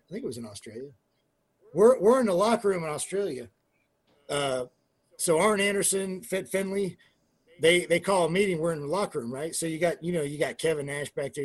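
A middle-aged former pro wrestler, his voice fairly high and slightly rough, guests on a casual interview. He tells swearing-heavy locker-room stories as a profane, animated storyteller, acting out quotes with trailing fillers and restarts.

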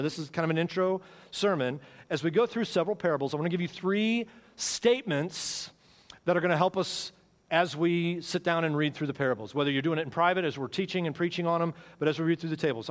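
Man preaching in a reverberant hall. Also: on the high side. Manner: conversational preaching with repeated phrases and dramatic swings in volume. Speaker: pastor. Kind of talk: sermon. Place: church sanctuary.

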